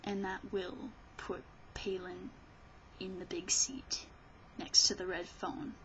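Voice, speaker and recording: Woman vlogger ranting slow and sarcastic, muffled webcam sound w/ faint hiss. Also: lowish voice, level tone. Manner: rambling and sarcastic, many restarts. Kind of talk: casual political rant.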